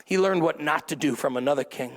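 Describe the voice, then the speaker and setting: A man's voice: fairly high pitch, fast talker, in a large hall. A middle-aged man preaching a sermon to a church congregation, with a chatty style full of asides that calls on the crowd to answer. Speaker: pastor. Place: church service before a congregation.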